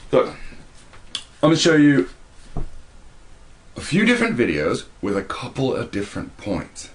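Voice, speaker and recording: A man with a very low, deep voice delivers a preachy monologue. He hammers his points home with emphatic repetition and keeps restarting sentences as he pushes on. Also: fairly bright tone. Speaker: video commentator.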